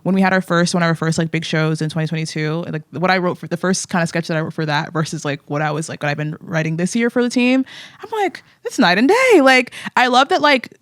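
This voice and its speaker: A woman's voice: deep voice, fast, hardly any pauses, no echo, clean studio sound. A young woman in her twenties, a podcast guest chatting casually and full of fillers. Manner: chatty, filler-heavy, lively. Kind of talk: casual interview chat.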